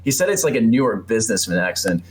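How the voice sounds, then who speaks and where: Deep-ish male podcast guest, casual and halting, with a faint hiss behind. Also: sing-song. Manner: stammering, repeats words, laughs often. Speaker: guest filmmaker.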